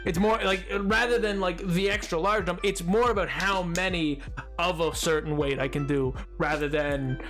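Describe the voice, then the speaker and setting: Brief: young male streamer, high voice, rambling casual chat, faint music behind. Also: normal speed, a bit bright. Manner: rambling, talks to chat, many restarts and fillers.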